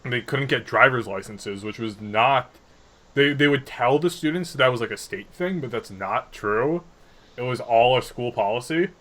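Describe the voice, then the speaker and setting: A man's voice: mid-range voice, animated, normal speed, fairly bright tone. A young man co-hosting a casual podcast, talking in a rambling, sarcastic way with frequent laughs. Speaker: podcast co-host.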